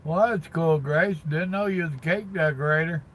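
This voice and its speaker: A man's voice: fairly high pitch, normal speed, a little hiss or hum, low-quality recording. An older man, chatting casually on a live stream from his parked truck cab and greeting viewers by name in a folksy drawl.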